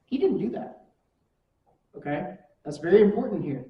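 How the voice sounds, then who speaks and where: A woman's voice: fairly low pitch, very animated, moderate pace, highs cut off. A woman teaching a conversational church lesson, often asking her class rhetorical questions. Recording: echoey room from far mic.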